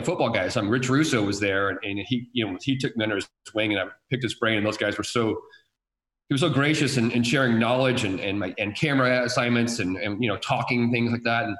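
A man's voice: medium pitch, fairly bright tone, echoey room, low-quality recording. A man telling stories from his career in sports television, rambling with many repeated words and fillers. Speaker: guest, sports TV director. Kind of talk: casual chat.

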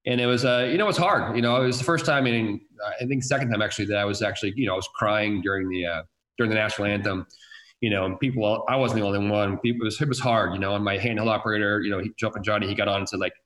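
A man who works as a TV sports director tells a story in a casual, halting and reflective way. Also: fairly low pitch, fairly even intonation, a bit bright. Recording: roomy echo.

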